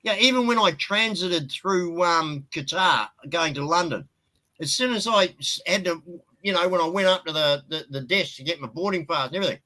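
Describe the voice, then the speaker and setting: Aussie guy ranting and swearing, bright sharp voice, pretty high. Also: lively intonation, moderate pace, rough recording. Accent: Australian. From Australia. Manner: blunt, swears freely, ranting. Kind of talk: casual live-stream chat.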